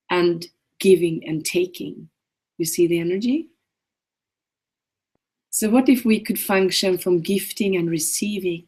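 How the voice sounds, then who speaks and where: Husky woman coaching with gentle questions. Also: fairly low pitch. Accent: Swedish. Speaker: coach hosting a live session. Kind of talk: casual coaching talk.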